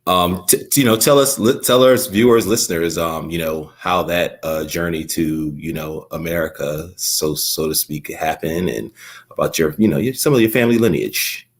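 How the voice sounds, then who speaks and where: A male podcast host asking a guest about her background in a halting, casual way. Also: low-pitched, lively intonation. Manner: frequent affirmations, halting questions. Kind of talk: casual chat.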